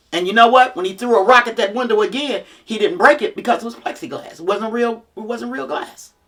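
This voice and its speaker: Blunt, bright-voiced motherly woman. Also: on the high side. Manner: blunt, preachy, plain-spoken and emphatic. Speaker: motivational speaker, mother. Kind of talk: motivational talk to parents.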